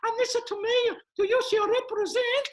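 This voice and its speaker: Guy doing a squeaky dramatic fortune teller lady, mystical, hammy. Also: fairly even intonation, a little fast. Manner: exaggerated, sing-song, mystical. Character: theatrical middle-aged female tea-leaf fortune teller.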